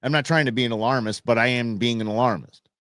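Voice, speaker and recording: A man's voice: medium pitch, quick pace, a bit bright, dry recording. A man hosting a live talk show, rambling and sarcastic in casual political commentary. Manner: rambling, sarcastic, restarts often.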